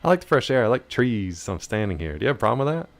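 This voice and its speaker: A man's voice: medium pitch, very animated, rapid-fire. A man voicing a prickly young woman wanderer in a game, curt and dismissive, in a raised voice.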